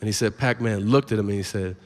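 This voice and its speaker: A man doing a stand-up set, telling stories with animated shouted voices. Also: on the low side, very fast. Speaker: stand-up comedian. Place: large venue with audience. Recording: live hall with crowd noise.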